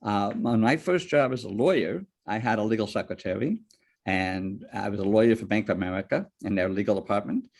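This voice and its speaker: A man's voice: fairly low pitch, fairly quick, creaky. A man giving a lecture on ethics to board members, telling personal anecdotes and asking rhetorical questions. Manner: lively storyteller, rhetorical questions.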